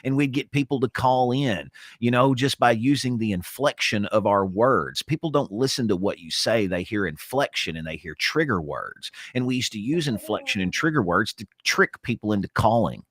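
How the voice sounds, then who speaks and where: Lively, cynical, swearing man. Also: lowish voice, moderate pace, few pauses, no room sound. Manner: cynical, swears freely, laughs often. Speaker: co-host of a morning talk show. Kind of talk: casual profane banter.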